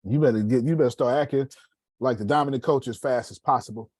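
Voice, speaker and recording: Animated husky-voiced man coaching. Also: mid-range voice, fast talker, no room sound. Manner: animated, preachy, playful, throws questions at the room. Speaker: sales coach. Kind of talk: live coaching session.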